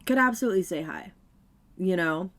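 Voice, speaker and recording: A woman co-hosting a podcast, joking and interjecting emphatically in casual chat. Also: lowish voice. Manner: lively, emphatic, quick to joke and interject. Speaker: podcast co-host.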